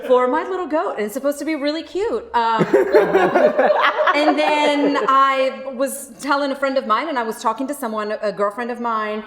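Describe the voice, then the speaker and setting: A woman's voice: high voice, normal speed, echoey room, over a noisy crowd. A woman who grew up in Morocco, co-hosting a talk show and telling stories with frequent laughter. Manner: laughs often, warm storytelling. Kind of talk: casual chat.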